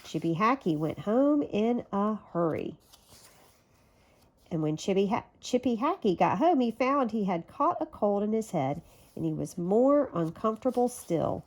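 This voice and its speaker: A woman's voice: mid-range voice, animated, unhurried, darkish tone. Woman reading a children's storybook aloud. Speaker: storybook reader.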